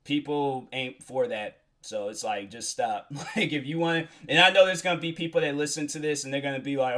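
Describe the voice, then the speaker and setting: A man's voice: on the high side, a little fast, hardly any pauses, fairly bright tone. A young man hosting a solo podcast, talking in a casual, rambling, earnest way with many fillers and restarts. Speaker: podcast host.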